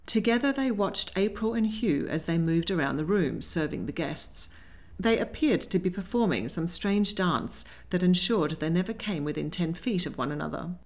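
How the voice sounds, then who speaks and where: Animated woman reading an audiobook. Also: fairly low pitch, moderate pace. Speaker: audiobook narrator. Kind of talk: audiobook narration.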